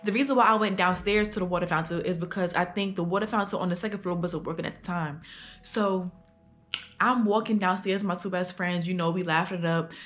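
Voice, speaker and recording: A woman's voice: on the low side, fairly even intonation, fairly quick, a bit bright, faint music behind. A young adult woman telling a casual storytime for her vlog, talking in slang with lots of fillers. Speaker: vlogger.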